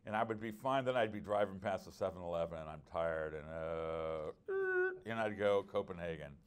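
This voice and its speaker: A man's voice: low-pitched, wildly swooping pitch, normal speed, clear, resonant tone. A middle-aged man teaching at a conference workshop, earnest and conversational, with frequent restarts and personal stories. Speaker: preacher.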